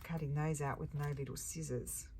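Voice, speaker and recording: A woman's voice: low voice, steady tone, moderate pace, darkish tone. A woman musing and thinking aloud as she narrates a casual crafting session at her table, correcting herself as she goes. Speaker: crafting vlogger. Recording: clear background noise with crafting clicks.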